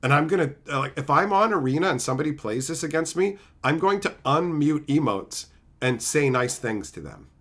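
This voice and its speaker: A man's voice: a little high, animated, brisk, fairly bright tone. A man live-streaming, chatting casually with viewers in joking, profane banter and reading their messages aloud. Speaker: streamer opening card packs.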